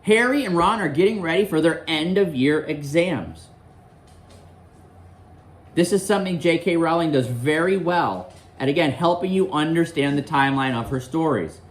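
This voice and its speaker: Animated male teacher quizzing his class. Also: on the high side, moderate pace. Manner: animated, quizzing students, explaining. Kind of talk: reading aloud and discussing a book with a class.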